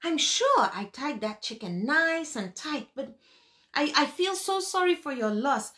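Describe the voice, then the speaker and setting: A woman's voice: high-pitched, sing-song, a little slow, pushed and bright, exaggerated voice. A woman telling a folk tale and voicing a kindly male farmer who apologizes and pleads earnestly. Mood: apologetic.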